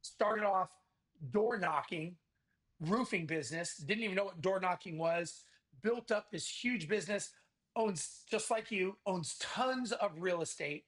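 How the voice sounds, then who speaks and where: A man, a podcast guest, talking about his business event in a lively salesman's manner and acting out quoted conversations. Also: high voice, a little slow. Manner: energetic salesman, acts out quoted dialogue. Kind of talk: casual interview talk.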